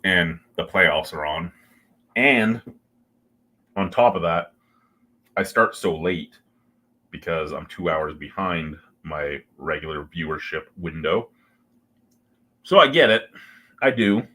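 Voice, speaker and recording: Low, husky man chatting. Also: slow, pauses often, bright, forceful tone. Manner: rambling, crude joking to chat. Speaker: beer review host. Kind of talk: casual livestream chat.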